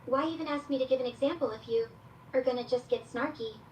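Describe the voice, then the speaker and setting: A woman's voice: high-pitched, fast, a little hiss or hum, lightly acted. A woman voicing a female AI chatbot companion who reads out her own stage directions before each reply. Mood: exasperated. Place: played through a speaker in a room, picked up by a security camera. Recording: echoey speaker audio caught from far off.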